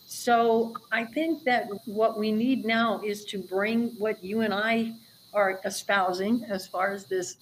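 Brief: woman dementia trainer, mid-pitched, earnest interview guest, leans on key words. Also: fairly even intonation, slow, slight background noise, rough recording. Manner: earnest, explanatory, emphatic. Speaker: dementia care educator. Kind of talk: interview conversation.

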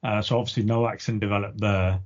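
A fairly low-voiced man from the East Midlands of England, chatting loosely on a podcast. He rambles along with plenty of ums and uhs. The sound is muffled and lo-fi. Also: fast. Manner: relaxed, rambling, heavy with ums. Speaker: podcast co-host. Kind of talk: casual chat. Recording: dull lo-fi podcast audio.

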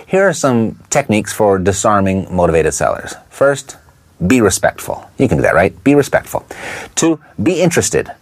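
A man coaching listeners in an instructional talk, stressing his points and asking quick rhetorical questions. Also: on the low side. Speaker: real estate investing coach.

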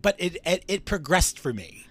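A man's voice: sits high, very animated, moderate pace, vocal fry. A man co-hosting a podcast, telling ghost stories in casual chat with lots of restarts and fillers. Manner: rambling, with frequent restarts and fillers. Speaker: podcast co-host.

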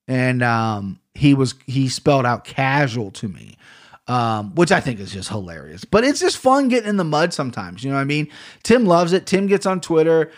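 A man hosting a solo podcast in a casual, rambling way, swearing freely and often tacking "right?" onto his points. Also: a little high. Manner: rambling, profane, keeps adding "right?". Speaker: podcast host.

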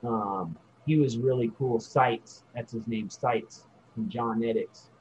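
A man's voice: medium pitch, slow, a little mellow, a little hiss or hum. A man casually telling a rambling story, laid-back and swearing freely. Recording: dull lo-fi audio.

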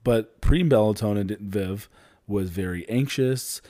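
A man with a very low, mellow voice co-hosting a casual chat. He teases his partner in a dry, laid-back way. The recording is close and dry. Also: a little slow, no echo. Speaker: podcast co-host.

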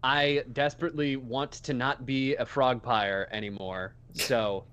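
A man's voice: mid-range voice, steady tone, measured pace, fairly bright tone, clean tone, natural voice. A man voicing an awkward young frog man in a tabletop game, stammering and overly polite. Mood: flustered.

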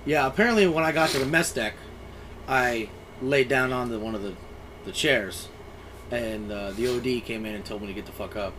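A man's voice: mid-range voice, normal speed, background noise. A young man co-hosting a podcast, telling crude, self-mocking stories in casual chat. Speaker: podcast co-host, sailor.

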